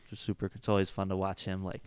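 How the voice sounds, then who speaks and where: Smooth-voiced man in rambling casual chat. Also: sits low, completely flat delivery, quick pace, darkish tone, no echo. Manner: rambling, heavy use of "like" and "you know". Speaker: jiu-jitsu coach and gym owner.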